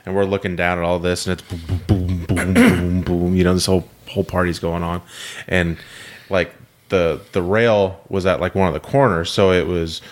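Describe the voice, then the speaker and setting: A man co-hosting a podcast, telling a story in casual chat, animated, swearing and laughing often. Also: low-pitched, fairly quick, slight background noise. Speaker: podcast co-host.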